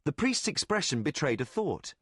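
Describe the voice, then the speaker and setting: A man narrating a fantasy audiobook in deliberate, expressive storytelling. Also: fairly high pitch, husky, no room sound, clean studio sound. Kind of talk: scripted narration.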